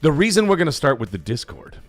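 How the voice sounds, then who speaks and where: A man's voice: a little high, fast talker, dry recording, faint music behind. A man hosting a gaming livestream, energetically reading out and reacting to chat messages. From Canada. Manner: energetic, hyped, reads chat messages aloud. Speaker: livestream host.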